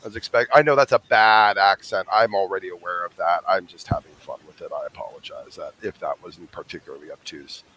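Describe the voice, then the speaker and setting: A man's voice: low-pitched, fairly quick, hardly any pauses, a bit bright, slight background noise. A man hosting a live call-in stream, wordy, often restarting his sentences. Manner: wordy, with frequent restarts and fillers. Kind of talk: casual live-stream chat.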